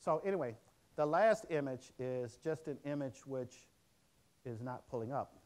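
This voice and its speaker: A middle-aged man giving a public lecture, telling a story in a conversational, halting way with many restarts and fillers. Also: mid-range voice, expressive, darkish tone.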